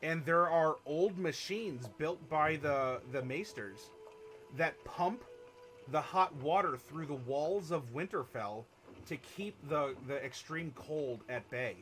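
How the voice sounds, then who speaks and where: A man's voice: a little high, takes it slowly, a bit bright, soft background music. A man from Ohio hosting a live-stream worldbuilding workshop, chatting casually, reading chat messages aloud and laughing often.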